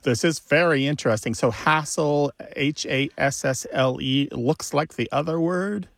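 A man hosts a radio show about words. He is upbeat and quick to joke. The recording is dry and close to the mic. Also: a little high, a bit bright, no room sound. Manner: upbeat, joking. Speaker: host. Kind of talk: radio talk show hosting.

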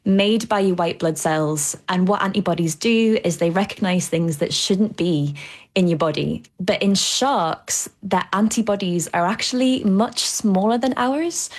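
A woman's voice: mid-range voice, unhurried. A woman scientist explaining biology for radio in plain, enthusiastic terms. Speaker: shark scientist.

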